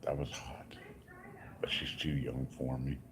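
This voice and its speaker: Man, very deep voice, slow rambling talk, hospital room, faint background hum. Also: little pitch movement. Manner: rambling, repetitive storytelling with many asides. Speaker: vlogger. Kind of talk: casual rambling update.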